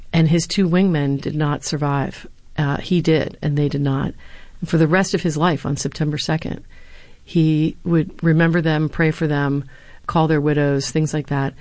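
A woman's voice: deep voice, fairly even intonation, normal speed, darkish tone, no room sound. A woman, a former speechwriter and university lecturer, answering interview questions with earnest anecdotes and the odd filler.

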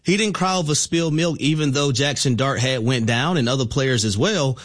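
A man's voice: medium pitch, fairly quick. A man co-hosting a sports talk radio show, arguing his points emphatically with stats. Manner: emphatic, stat-heavy argument.

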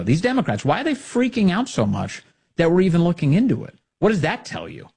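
Male political talk host: sarcastic, lively swings, slightly husky. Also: on the high side, a little fast. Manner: sarcastic and animated, mocking rhetorical questions. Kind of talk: opinionated talk show monologue.

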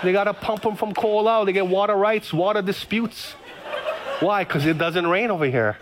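A middle-aged man, a pastor telling a story in a sermon, animated and given to repeating himself. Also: sits high, moderate pace, crowd noise, background noise. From Hawaii's Big Island. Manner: animated, repeats phrases, stammers into restarts.

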